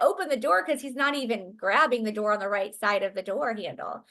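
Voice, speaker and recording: A woman's voice: a little high, a little fast, fairly bright tone. A middle-aged woman, a guest in an interview, telling a family story in an earnest, conversational way with fillers and restarts.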